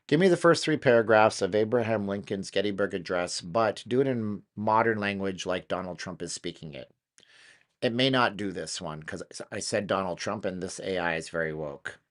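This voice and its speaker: A man hosting a casual live stream, rambling along with lots of fillers and restarts. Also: fairly low pitch.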